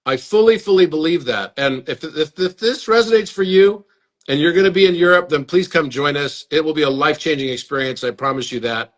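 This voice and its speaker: Live stream host, male, earnest, repeats himself, voice a touch high. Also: fairly quick, fairly bright tone. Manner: earnest, inviting, repeats words. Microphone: phone or webcam on a live stream.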